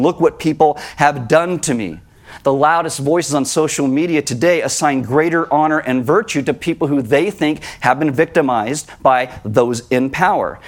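A man, a pastor, preaching a sermon in a conversational way and acting out quotes as he goes. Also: medium pitch.

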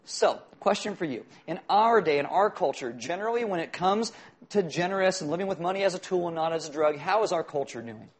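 Man preaching a sermon, high-pitched voice, chatty and jokey, quizzes the congregation. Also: lively intonation, a little fast. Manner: conversational, jokey preaching with audience questions. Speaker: pastor.

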